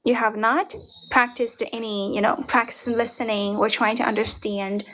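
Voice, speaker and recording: A woman's voice: fairly high pitch, steady tone, moderate pace, noisy background. A woman with a Chinese accent coaching a caller on a livestream from her grandmother's home, encouraging and asking tag questions. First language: Mandarin Chinese. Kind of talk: live-stream coaching chat. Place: home room, grandmother's house.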